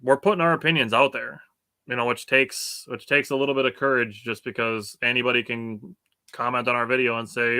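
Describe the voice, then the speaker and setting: Bright, smooth-voiced sports podcast guy. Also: mid-range voice, fairly even intonation, fairly quick, no room sound. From Wisconsin. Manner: reflective, hedging with fillers, chuckles often. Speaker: podcast co-host. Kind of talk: casual sports chat.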